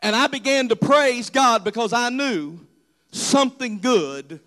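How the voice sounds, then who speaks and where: A man with a notably high voice delivers a dramatic sermon testimony. He tells it as a pastor, earnest and storytelling in manner. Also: expressive, measured pace, pushed and bright.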